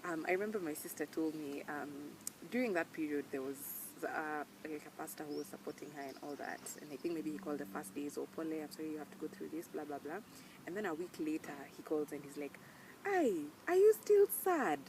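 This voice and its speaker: A woman's voice: low-pitched, steady tone, fast, background noise. A young woman with a Kenyan accent talking earnestly and emphatically to camera in a casual vlog. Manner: earnest, emphatic, mixes in Swahili slang words. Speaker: vlogger. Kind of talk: casual heartfelt talk to camera.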